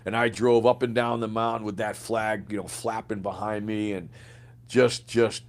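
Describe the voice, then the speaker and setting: Speaking at a moderate pace with a voice on the low side, this older guest, a retired Green Beret sergeant major, shares vivid war stories in a relaxed interview. He brings them to life by acting out quoted dialogue, swearing freely along the way.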